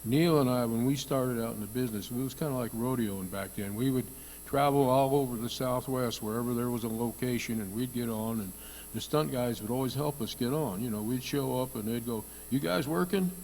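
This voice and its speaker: Gravelly older man reminiscing plainly. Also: mid-range voice, fairly even intonation, fairly quick, darkish tone, long reverb tail, a little hiss or hum, poor audio. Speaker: panel guest, former stuntman. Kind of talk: reminiscing on a reunion panel.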